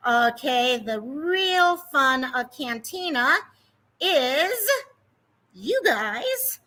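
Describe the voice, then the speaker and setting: A woman with a high, bright voice hosts a casual livestream. She talks in a chatty, rambling way and greets each viewer by name. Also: rough recording. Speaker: livestream host.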